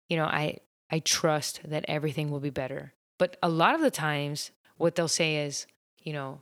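Low-voiced woman chatting casually on her podcast. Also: moderate pace, no echo, studio quality. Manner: warm, chatty, laughs often, many fillers. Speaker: podcast host. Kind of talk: casual solo podcast talk.

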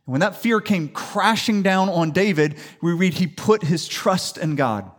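A man from the Atlanta area preaches a sermon. His voice sits a little high, and it swings between quiet scripture reading and loud, animated declarations. He sounds like a pastor talking to his congregation. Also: unhurried. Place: church sanctuary.

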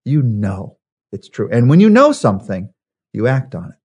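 A man teaching a Bible devotional, stressing key words slowly and asking rhetorical questions. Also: medium pitch, very animated, a little mellow, husky. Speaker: pastor.

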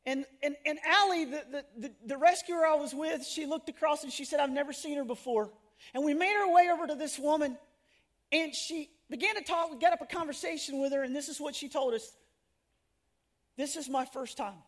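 A middle-aged woman telling stories in a sermon to women, animated and laughing at herself, acting out the people she quotes. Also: sits high, a little fast. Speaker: women's ministry speaker.

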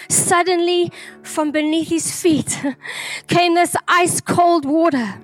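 A woman earnestly sharing a prophetic vision as a flowing, repetitive story. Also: extremely high pitch. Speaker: prophetic speaker.

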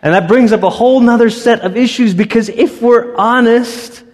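Conversational pastor in a reverberant hall. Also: male voice, very high-pitched, moderate pace. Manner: conversational, with frequent restarts and stumbles. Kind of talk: sermon. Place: church sanctuary. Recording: long reverb of a church hall.

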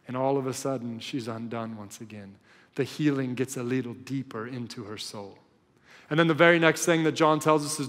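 A male pastor delivering a sermon as a story. He swings between loud and hushed, and his voice sits a little high. A long hall reverb trails behind him.

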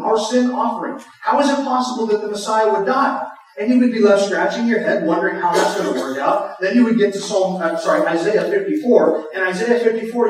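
An earnest man delivers a sermon with emphatic rhetorical questions, his voice a little higher than most men's. He sounds some distance from the microphone, and a heavy echo fills the large hall around him. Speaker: pastor. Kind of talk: expository sermon. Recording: echoey hall, speaker off the mic.

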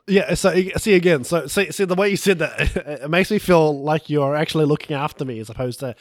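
A man doing animated improv comedy, laughing and swearing often. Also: a little high, brisk, dry recording, clean studio sound. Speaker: improv player.

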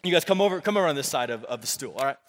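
Expressive and rapid-fire, a young pastor with a mid-range voice delivers a laid-back youth sermon full of repetition and call-and-response. Big-room reverb lingers as the crowd repeats words after him.

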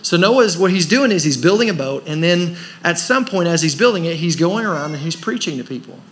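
A man's voice: fairly high pitch, lively intonation, fairly quick, fairly bright tone. A man preaching a sermon as pastor of a church, pressing his points with rhetorical questions and rising emphasis. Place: church service.

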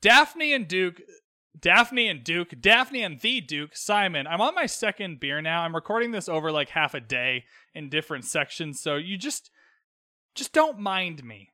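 Young man from Canada, casual podcast host, high voice, dry close sound. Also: very animated, sharp tone, no room sound. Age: young adult. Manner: chatty and cheeky, quick quoted asides. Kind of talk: casual solo recap podcast.

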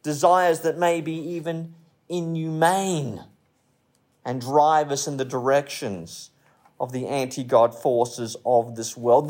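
Speaking slowly, a man with a darkish voice on the high side preaches with lively intonation. His sermon feels like a conversation, full of repeated phrases, mid-sentence restarts, and lightly humorous stories.

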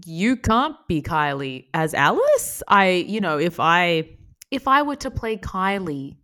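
An Australian woman with a lowish voice chats as a playful, teasing guest. She jokes her way through the talk and slips into other accents for laughs. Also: sing-song, a little slow, a bit bright. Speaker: actress guest. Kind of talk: improvised comedy chat.

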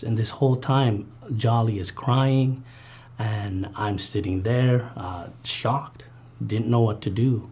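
A man recounting a painful childhood memory in an interview, earnest and halting, with many fillers and restarts. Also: lowish voice, fairly even intonation, darkish tone, slightly rough. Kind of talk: personal testimony interview.

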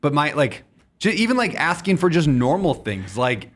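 A man's voice: on the high side, big pitch swings, normal speed. A man hosting an interview podcast, speaking candidly and with self-deprecation about his own habits. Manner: candid and self-deprecating, with frequent short affirmations. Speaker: podcast host. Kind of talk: casual interview chat.

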